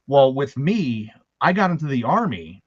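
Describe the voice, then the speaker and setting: A man's voice: mid-range voice, very animated, moderate pace, a little mellow, breathy edge, dry recording, lo-fi sound. A man from Baltimore, with a faint Baltimore accent, hosting a casual chat. He tells rambling, anecdotal stories and laughs often. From Baltimore, USA. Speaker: host.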